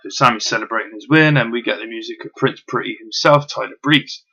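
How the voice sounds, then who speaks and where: A man's voice: mid-range voice, fast, bright, forceful tone, husky, poor audio. A man reviewing wrestling in casual, chatty speech, full of ums and the odd swear word.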